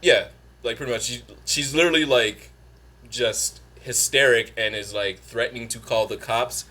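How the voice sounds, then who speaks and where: Bright-voiced man cracking profane jokes. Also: mid-range voice. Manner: profane, laughing, quick asides. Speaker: podcast co-host. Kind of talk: casual chat.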